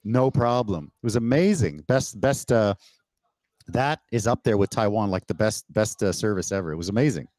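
Canadian guy hosting a chat, lowish voice, tells stories all animated, dry close sound. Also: normal speed, no room sound. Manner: animated storyteller who acts out quotes with laughs. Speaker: podcast host. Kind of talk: casual interview chat. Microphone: remote call setup.

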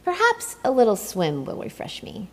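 A woman's voice: a little high, wildly swooping pitch, moderate pace, darkish tone, big-room sound. A woman voicing a grumpy, bored male penguin emperor who grumbles wearily through his complaints. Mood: grumbling. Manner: grumbling, weary.

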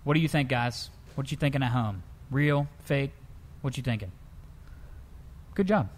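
A man co-hosting a comedic news-story show, telling tales in a lively, animated way. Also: moderate pace. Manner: lively storyteller, jumps into high pitch for characters. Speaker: co-host.

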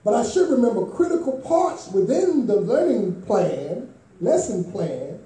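A man preaching a sermon in a church sanctuary, building from plain teaching to impassioned shouts in a call-and-response style. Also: high-pitched, very animated, unhurried. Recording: echoey church hall, voice from far off.

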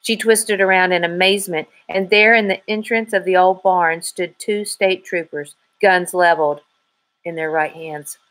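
Woman narrating a storybook, lowish voice. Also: fairly even intonation, normal speed, a bit bright, poor audio. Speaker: audiobook reader.

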